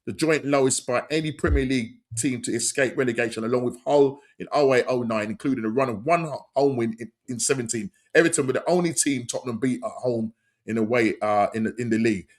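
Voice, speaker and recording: A man hosting a football podcast in casual, excitable chat, repeating his shout-outs. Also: mid-range voice, fast talker. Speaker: podcast host.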